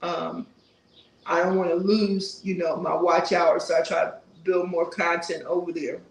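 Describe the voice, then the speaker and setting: A woman's voice: fairly low pitch, level tone, unhurried, reverberant, rough recording. A woman in her sixties hosting a casual live stream, chatting with viewers and reading their comments aloud, with churchy asides. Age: 60s. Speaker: YouTube host reading live chat.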